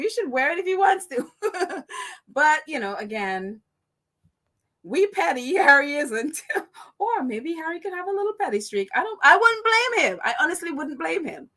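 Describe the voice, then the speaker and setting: Bright, high-voiced Caribbean woman host. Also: sing-song, normal speed. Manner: chatty, reads viewer comments aloud, laughs often. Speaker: live-stream host. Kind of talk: live-stream chat commentary.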